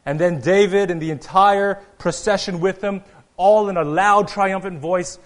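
A man preaching a sermon earnestly, rising to loud proclamations and dropping to quiet asides. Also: high-pitched, fairly even intonation, measured pace. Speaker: pastor.

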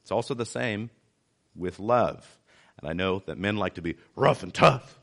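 A man's voice: on the low side, animated, normal speed, gravelly, a bit bright. A man giving a conversational sermon as a church pastor, driving his points home by repeating them. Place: city church.

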